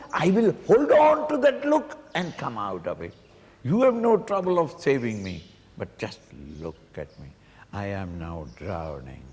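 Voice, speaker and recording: An older man giving a slow spiritual discourse, acting out pleading cries and chuckling as he explains a hymn. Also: fairly low pitch, creaky, a little mellow. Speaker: swami teaching a Sanskrit hymn. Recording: reverberant hall, faint noise.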